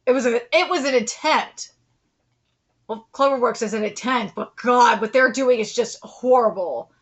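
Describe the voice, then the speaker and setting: A woman's voice: fairly high pitch, moderate pace, dull audio. A woman streaming a live manga read-through, gushing and exclamatory in her reactions.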